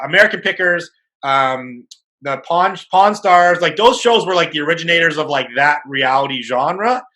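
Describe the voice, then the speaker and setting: Man, podcast host, casual and profane, with a bright, tense edge to a fairly high voice. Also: poor audio.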